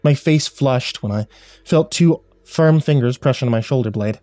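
A man narrating a horror story in a measured, somber storytelling voice. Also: mid-range voice, dry recording. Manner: measured, somber storytelling with quiet dialogue reads. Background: faint music.

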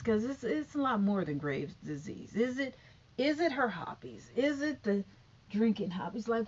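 A woman's voice: medium pitch, breathy edge. A woman rambling through a casual opinion vlog about a talk show, full of fillers and asides. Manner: rambling, animated, many fillers. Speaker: YouTuber commenting on a talk show. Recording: dull lo-fi recording.

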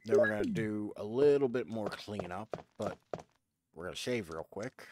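A man streams a video game, rambling casually and correcting himself as he chats through his gameplay. His lowish, darkish voice is animated at a moderate pace, with game music and slight background noise behind him.

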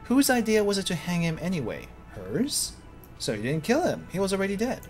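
A man streaming a story game, narrating scenes and talking to characters in a playful, animated way. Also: sits high, brisk. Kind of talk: let's play commentary. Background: background music.

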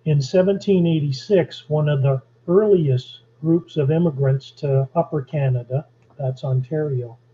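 Older-sounding man, slow husky lecturer, dull lo-fi recording. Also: fairly high pitch, dark tone. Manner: slow, deliberate, with pauses and fillers. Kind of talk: history lecture.

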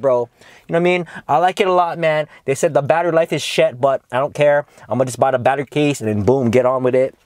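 Talking fast in a fairly high voice, a young cannabis reviewer runs through weed in a relaxed vlog. His speech is full of slang and swearing, and he addresses viewers as "bro" and "dog."

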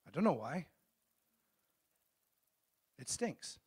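A middle-aged male pastor delivering a sermon, his voice pitched a touch high for a man. He throws questions out to the congregation and waits for replies. When he reads scripture, he slows down and leans hard on each phrase. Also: big pitch swings, a little mellow, slightly rough. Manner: call-and-response preaching, asks the congregation questions; reads scripture slowly and emphatically.

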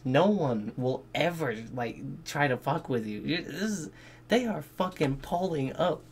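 A man giving casual, excitable reaction commentary on a game trailer, swearing freely and thinking out loud. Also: a little high, unhurried, slight background noise. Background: game trailer music.

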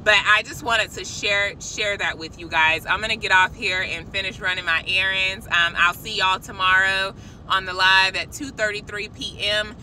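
Bright-voiced woman vlogging from her car. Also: medium pitch, moderate pace, a little hiss or hum, rough recording. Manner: excited, preachy, addresses viewers as y'all. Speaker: christian vlogger. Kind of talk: casual spiritual vlog. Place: parked car outside a shop.

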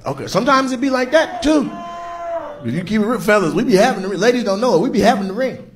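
A man doing stand-up crowd work in a large theater, teasing audience members in with loud bursts. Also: high-pitched, animated, fast. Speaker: stand-up comedian. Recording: crowd laughter and noise.

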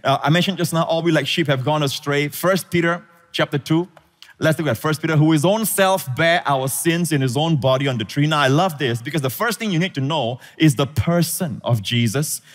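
A man's voice: fairly high pitch, fairly quick, faint music behind. Man preaching in an echoing hall. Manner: preaching to a congregation, calling for amens, rising to shouted emphasis. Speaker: pastor. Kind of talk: sermon. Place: church auditorium. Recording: large hall reverb.

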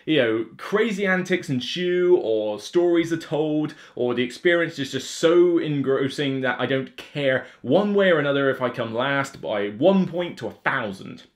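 A man's voice: mid-range voice, a little slow, hardly any pauses. A man with a Somerset English accent, talking casually to camera as a board game video host, ranting with lots of fillers. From England (Somerset). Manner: animated, rant-like, with many fillers.

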